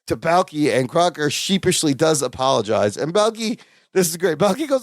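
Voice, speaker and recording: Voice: mid-range voice, sing-song, moderate pace, dry recording, clean studio sound. A podcast co-host chatting casually about a sitcom episode, laughing often and chiming in with quoted lines.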